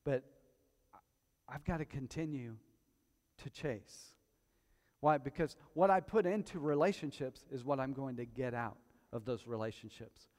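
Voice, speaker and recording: A male pastor preaching a sermon to his congregation, telling stories with quiet asides that build to loud, emphatic peaks. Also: medium pitch. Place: church hall before a congregation. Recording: long hall reverb.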